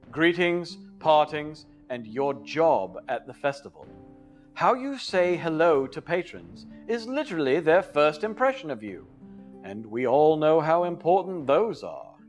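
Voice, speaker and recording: A man's voice: fairly high pitch, big pitch swings, moderate pace, faint music behind. A man in a put-on English accent narrating a training video in a playful, theatrical and emphatic way.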